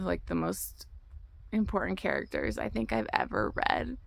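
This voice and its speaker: A woman's voice: on the low side, very animated, moderate pace, vocal fry. A young woman vlogging casually outdoors about books, rambling and emotional, often restarting her sentences. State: tearful. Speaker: book vlogger. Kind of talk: casual chat.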